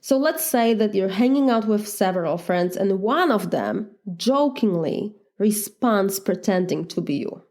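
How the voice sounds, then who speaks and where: Woman with an eastern european accent, coach talking to listeners, soft mellow tone, asks right? a lot. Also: medium pitch, animated, unhurried, few pauses. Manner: earnest, reflective, frequent "right?" asides. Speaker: life coach. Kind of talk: solo podcast monologue.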